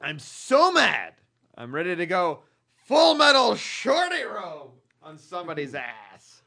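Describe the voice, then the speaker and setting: A man putting on the voice of an excitable female listener reading her letter aloud. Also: a little high, a little slow, pitched above the performer's own voice, full character voice. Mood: indignant.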